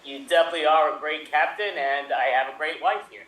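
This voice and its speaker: A man's voice: fairly high pitch, a little fast, fairly bright tone, roomy sound, distant mic, low-quality recording. A man performing improv as a newlywed husband, playful and laughing at his partners. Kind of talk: improvised scene acting.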